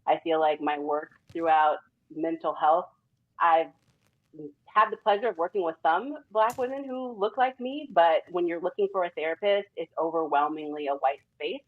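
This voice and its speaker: Female psychotherapist guest, measured and thoughtful, dull lo-fi video call sound. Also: sits low. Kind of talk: talk show interview.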